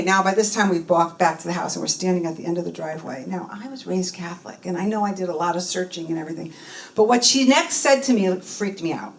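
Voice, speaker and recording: A woman giving a personal testimony talk at a spiritual center, telling her story in an animated way and acting out the dialogue. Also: fairly low pitch, a little fast, creaky. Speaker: guest speaker. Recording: voice from a distance from the mic.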